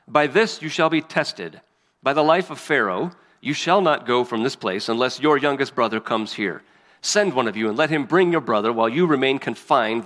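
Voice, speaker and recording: A man of middle pitch reads scripture and preaches, earnest and emphatic, lifting his voice where the text turns to speech. The sound carries a long reverb, as if filling a large hall. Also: a bit bright. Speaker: pastor. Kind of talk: scripture reading and sermon.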